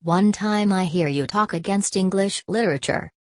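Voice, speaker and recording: A woman's voice: medium pitch, moderate pace, no echo, clean studio sound, natural voice. Woman reading as an earnest young man. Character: earnest, simple-hearted young male nationalist.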